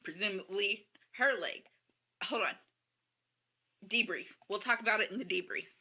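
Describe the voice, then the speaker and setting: A woman hosting a reaction video, excitably talking back to the screen and gushing emotionally in casual commentary. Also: mid-range voice, moderate pace, husky.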